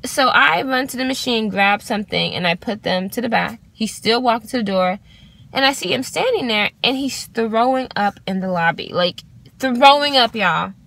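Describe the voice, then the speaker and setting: A woman in her twenties telling an exasperated storytime rant to her vlog, swearing freely and talking in an animated way. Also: fairly high pitch, normal speed, creaky. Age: 20s. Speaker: vlogger.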